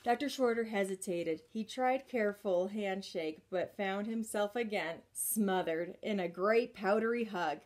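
Unhurried woman reading a children's book. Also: medium pitch, darkish tone. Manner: unhurried reading with chatty asides and laughs. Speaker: reader.

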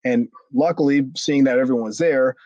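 A man, a former wrestler, telling a story in a casual interview, animated and profane, acting out what others said. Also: mid-range voice, brisk, no room sound, highs cut off. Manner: animated, acts out quotes with raised voice, frequent restarts and swearing.

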